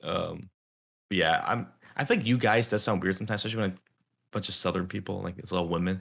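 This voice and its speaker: A young man co-hosting a podcast, chatting casually, rambling with lots of filler words and slipping into animated impressions. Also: deep voice, brisk, vocal fry. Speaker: podcast co-host. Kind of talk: casual chat.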